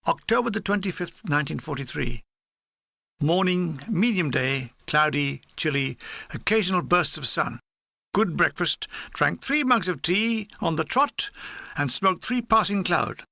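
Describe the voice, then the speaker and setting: A man reading his own war memoir aloud in a dry, wry, deadpan manner. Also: fairly high pitch, measured pace, creaky, dry recording. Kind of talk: audiobook reading.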